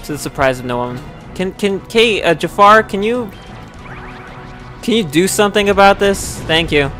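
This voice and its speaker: A young man streaming a video game live, rambling casually between bouts of swearing and frustrated yelling. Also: high-pitched, animated, normal speed, soft background music. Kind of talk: live gameplay commentary.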